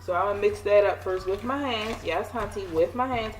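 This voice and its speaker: A woman chats and jokes at her own expense while she cooks, talking straight to camera in a relaxed, self-mocking way. The sound is an echoey home kitchen with steady background noise. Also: mid-range voice, brisk. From Maryland. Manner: chatty, joking, self-mocking. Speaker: home cooking vlogger. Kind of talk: casual cooking chat to camera.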